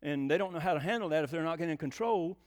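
A man's voice: fairly high pitch, very fast. An older man preaching a sermon in a folksy way, often asking the congregation questions.

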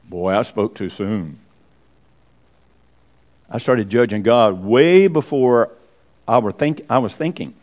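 Job: a man putting on a humbled ancient man, low, slow, contrite; sermon quote. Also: very animated, full character voice.

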